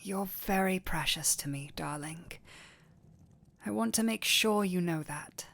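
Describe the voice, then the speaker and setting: A woman's voice: medium pitch, normal speed, creaky, fairly bright tone. A woman voicing a sweet, clumsy male dullahan boyfriend in an audio role-play, tender and giddy with affection. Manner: tender, giddy and affectionate, playful self-teasing. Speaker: voice actor.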